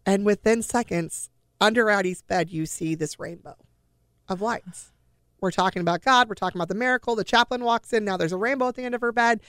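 A woman's voice: medium pitch, brisk, fairly bright tone, dry recording, studio quality. A middle-aged woman telling her own family story in a personal, emotional way, acting out the dialogue she quotes.

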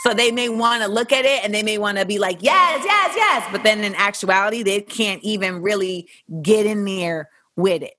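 A woman's voice: medium pitch, fairly even intonation, fairly quick, few pauses, a bit bright, no echo. A young adult woman hosting, answering listener questions in a frank, casual, profane way, acting out the voices she quotes. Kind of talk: casual candid commentary.

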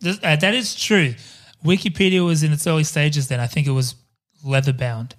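Joking male co-host, slightly high voice, loose and rambling. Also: steady tone, moderate pace, fairly bright tone. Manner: jokey, rambling asides. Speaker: podcast co-host. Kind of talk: casual chat.

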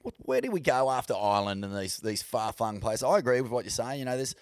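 A man's voice: medium pitch, lively intonation, fast talker, no room sound, clean studio sound. Sweary laid-back Australian man. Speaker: podcast co-host. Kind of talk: casual chat.

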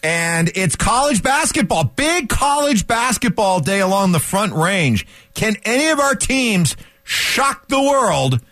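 A man's voice: sits high, big pitch swings, unhurried, fairly bright tone, no echo. A man co-hosting a sports talk radio show, bantering casually, asking rhetorical questions, and laughing easily. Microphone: studio microphone.

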